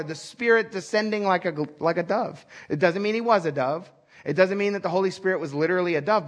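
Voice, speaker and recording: Speaking with a husky, breathy voice that sits fairly high, a male pastor gives a lively, conversational sermon. He keeps turning to the congregation to ask them questions directly.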